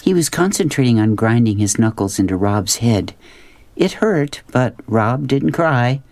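Storybook narrator, man, mid pitch, steady plain read, dry close sound. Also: unhurried, no room sound. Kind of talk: storybook reading aloud.

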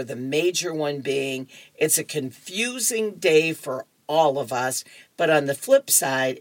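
A woman's voice: sits low, dry recording. A woman radio reader chatting and reading comic strips aloud, laughing between them.

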